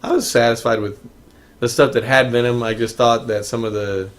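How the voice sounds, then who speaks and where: A man's voice: mid-range voice, fairly even intonation, a little fast. Rambling man reviewing movies casually. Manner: rambling, many restarts and fillers. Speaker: podcast co-host.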